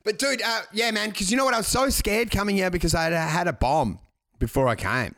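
A man's voice: sits high, a little fast, creaky, bright, forceful tone, no echo, clean studio sound. A man from South Africa, joking crudely in casual comedic chat and acting out voices.

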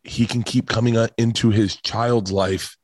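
A man's voice: fairly low pitch, fairly even intonation, normal speed, dry recording. A middle-aged man telling stories in a casual podcast chat, rambling and swearing, getting choked up as he talks. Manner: rambling, profane, gets emotional and choked up. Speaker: comedian guest on a podcast.

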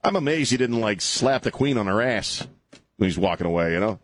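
A man's voice: fairly low pitch, lively intonation, fairly quick, slight background noise. A male talk radio host ranting and mocking on a call-in show, laughing at his own jokes. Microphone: studio microphone.

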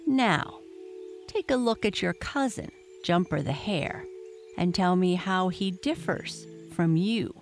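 A woman's voice: fairly low pitch, animated, slow, vocal fry, soft background music, exaggerated voice. A woman voicing a wise, kindly old female nature teacher who asks patient questions. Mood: teaching.

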